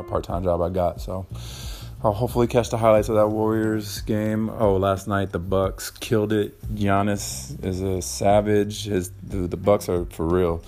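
A man's voice: low-pitched, a little mellow. A young man hosting a casual solo podcast, rambling and swearing freely with lots of ums and uhs. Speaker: podcast host.

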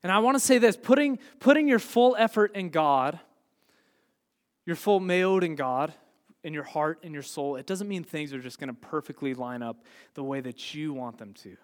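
Pastor guy preaching, earnest, kinda high voice, big hall echo. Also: normal speed. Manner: earnest preaching, swings from quiet to emphatic. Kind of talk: sermon.

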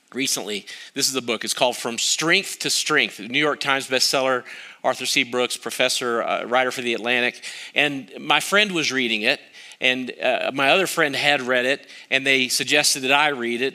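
A man's voice: mid-range voice, bright, forceful tone. A middle-aged male pastor preaching a sermon, telling a story on himself with wry, self-mocking humor.

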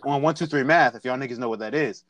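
A man's voice: medium pitch, fast, fairly bright tone. A young man casually telling a rambling, slangy story to friends and acting out the people in it. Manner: slangy, rambling, acts out quotes. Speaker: storyteller in group chat.

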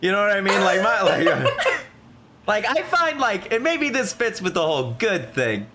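A man co-hosting a podcast, chatting casually, laughing a lot and rambling excitedly. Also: high voice, a little slow. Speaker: podcast co-host. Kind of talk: casual chat. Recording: noisy background.

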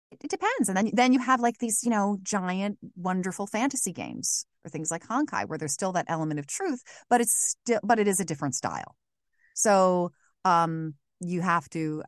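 A woman with a slightly low voice talks about her work in an interview. She sounds emphatic and animated, laughing often and restarting her sentences. The recording is dry and close. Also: normal speed, dry recording. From United States. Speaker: voice actress, guest. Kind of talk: casual interview chat.

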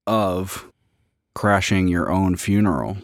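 A man co-hosting a podcast in casual chat, rambling and halting with lots of fillers. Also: low-pitched, no room sound, clean studio sound. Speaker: podcast co-host.

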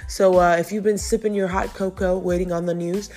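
A chatty female celebrity news host with a somewhat low, darkish voice reads gossip stories at a brisk clip in a level tone, pausing to offer her own opinions. She giggles now and then, her voice still recovering from being lost, while faint music plays underneath.

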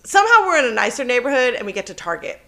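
A young woman co-hosting a podcast, telling a story in casual chat, animated and cursing freely, laughing as she goes. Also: on the high side, very fast, creaky. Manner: animated, swears often, laughs through her story. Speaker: podcast co-host.

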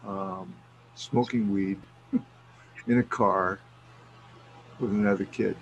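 A man's voice: fairly low pitch, vocal fry, dull audio, a little hiss or hum. A middle-aged man chatting casually, telling stories with lots of swearing and laughter. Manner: animated storyteller, swears freely, laughs often. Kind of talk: casual chat.

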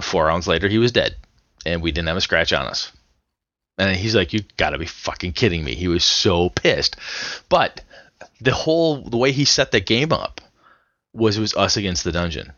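A man with a very low voice and a bright, forceful edge to it, talking casually on a podcast. He rambles through his story, restarting sentences as he goes. The sound is dry but a little dull and lo-fi. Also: dry recording. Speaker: podcast co-host. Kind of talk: casual chat about tabletop gaming.

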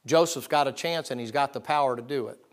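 A preacher delivers a sermon in a folksy, emphatic storytelling voice. He is plainspoken and self-deprecating, with a middling pitch. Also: quick pace.

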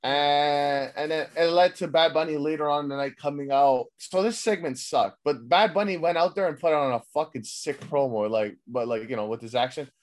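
A man's voice: fairly high pitch, normal speed, few pauses. Casual profane man recapping wrestling. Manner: loose, profane, rambling. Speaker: wrestling podcast host.

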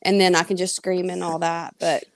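A woman in casual chat, teasing her friends and quick to laugh. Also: fairly low pitch, level tone, no echo, clean studio sound.

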